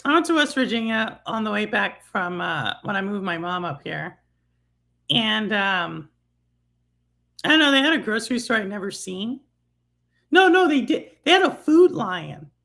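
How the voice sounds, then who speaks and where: A woman's voice: mid-range voice, very animated, normal speed, vocal fry, fairly bright tone. A woman co-hosting a podcast in casual chat, rambling and teasing over a remote online call. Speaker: podcast co-host.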